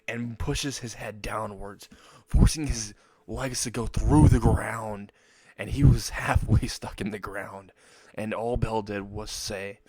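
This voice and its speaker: Slow rambling young man telling a story. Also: on the low side, steady tone, mellow, dry recording. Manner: rambling, restarts mid-sentence. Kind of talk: improvised fan-fiction narration.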